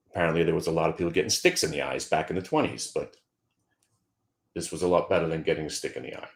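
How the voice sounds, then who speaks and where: A deep-voiced, middle-aged man runs a stock trading program, offering lighthearted market talk. He stumbles into repetitions and bursts out with mock emotion.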